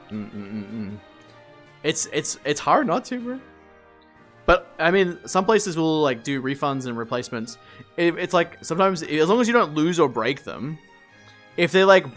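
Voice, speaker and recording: A man chatting casually with his stream, telling stories in a lively, swear-heavy way. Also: fairly high pitch. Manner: animated storyteller, swears freely. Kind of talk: casual live-stream chat.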